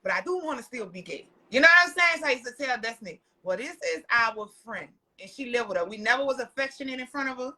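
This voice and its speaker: A woman tells stories as a podcast guest. Her voice sits high and sounds bright and forceful. She talks loudly and animatedly, swearing freely and breaking into laughter. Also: quick pace, hardly any pauses. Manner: loud, animated and profane, laughing often. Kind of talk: casual storytelling chat.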